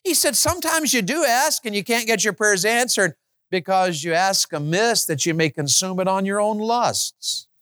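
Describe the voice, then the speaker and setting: A man preaching a sermon, peppering the congregation with rhetorical questions and swinging from loud, high exclamations to low, quiet stretches. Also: expressive, moderate pace, no echo, clean studio sound.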